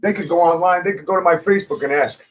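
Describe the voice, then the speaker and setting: A man's voice: sits high, very fast, dull audio, a little hiss or hum. A man talking as a guest in a casual chat, telling stories bluntly and with plenty of swearing. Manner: blunt, profane storytelling. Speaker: guest, clothing designer.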